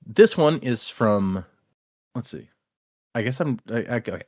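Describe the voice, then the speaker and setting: A man's voice: mid-range voice, expressive, unhurried, dry recording, clean studio sound. A man hosting a casual podcast, reading listener emails aloud and laughing easily. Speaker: podcast host.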